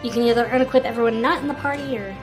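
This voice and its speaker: A woman's voice: on the high side, racing, low-quality recording. A woman streamer chatting casually about a game as she plays, loose and chatty, with fillers and self-corrections. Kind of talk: casual gameplay commentary. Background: game music.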